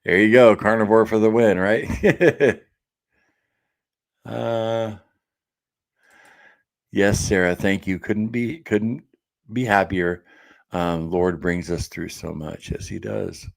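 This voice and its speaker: Hosting a diet support live stream from his home office, a man speaks in a very deep, low, creaky voice with fairly even intonation. He reads viewer comments out loud and answers easily, full of fillers and quick laughs.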